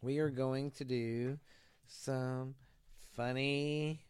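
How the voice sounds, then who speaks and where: A man's voice: mid-range voice, fairly even intonation, extremely slow, a little mellow, smooth. A man hosting a casual solo podcast, talking in a loose, profane, rambling way and slipping into a mock tough-guy ad voice. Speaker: podcast host.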